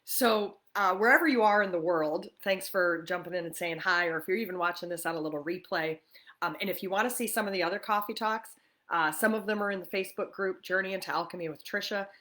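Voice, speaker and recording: Chatty, bright-voiced woman hosting a livestream. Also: lowish voice, fast talker. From New York. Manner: chatty, greets viewers by name. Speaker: livestream host. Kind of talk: casual livestream chat.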